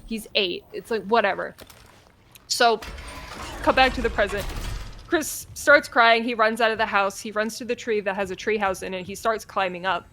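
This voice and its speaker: A woman's voice: mid-range voice, normal speed, fairly bright tone, slight background noise. A woman streamer casually retelling a story in a rambling way, with many fillers.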